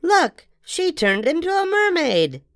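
A woman's voice: very high voice, very animated, slow pace, no echo, studio quality, pitched above the performer's own voice, exaggerated voice. A woman voicing a boastful young boy who plays wizard and pirate, with a mock-grand, chanting delivery.

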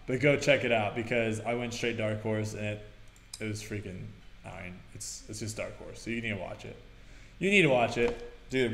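A young man hosting a let's-play video, excitable and breaking into shouts while he plays. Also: medium pitch, reverberant. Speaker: gaming video host.

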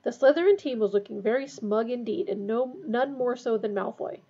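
Woman narrator reading aloud, higher pitch, gravelly, husky, dull lo-fi recording. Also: normal speed, dark tone. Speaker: reader.

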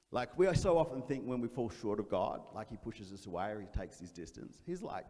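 A man's voice: on the high side, expressive, fairly quick, hardly any pauses, a little mellow. A male pastor preaching a sermon, telling a story with energy and acting out the voices of the people in it. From Australia. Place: church auditorium. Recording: church hall reverb.

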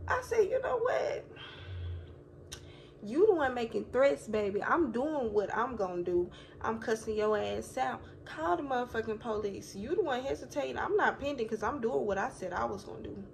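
A woman's voice: a little high, a little fast, gravelly, few pauses. A young woman telling a story to her viewers in a casual vlog, talking animatedly and cussing. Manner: animated, profane, addresses viewers as y'all. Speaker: vlogger. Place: hotel room. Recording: noisy phone recording.

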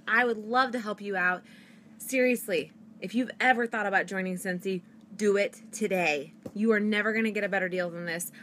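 A young woman who sells products from home, talking fast and gushing with excitement in a live video from her house. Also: mid-range voice, a little hiss or hum. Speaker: direct sales consultant. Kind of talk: excited live-stream sales pitch. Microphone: phone or webcam.

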